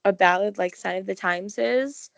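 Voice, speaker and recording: A young woman co-hosting a casual chat, telling an excited, gushing story full of "like". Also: medium pitch, normal speed, creaky, no room sound. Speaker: podcast co-host.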